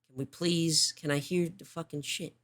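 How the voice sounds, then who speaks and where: A woman's voice: sits low, steady tone, normal speed, fairly bright tone. A woman hosting a livestream show, giving casual commentary, swearing often and restarting her sentences.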